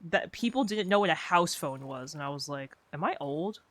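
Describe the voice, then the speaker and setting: In a dry recording, a young woman sits low in pitch and speaks expressively and a little fast while gaming on stream. She chats casually, drifting through rambling stories packed with "like."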